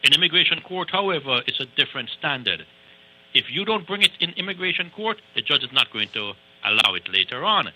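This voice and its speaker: Emphatic bright-voiced male lawyer. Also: fairly high pitch, sing-song, a little fast, lo-fi sound. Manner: emphatic, lecturing, repeats for stress. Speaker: immigration attorney guest. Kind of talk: call-in radio advice.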